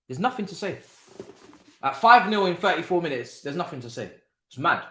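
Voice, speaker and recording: A young man hosting a casual live football watchalong, talking in an animated, repetitive way with lots of slang and laughter. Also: on the high side, fairly quick, pauses often. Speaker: watchalong host. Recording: roomy echo.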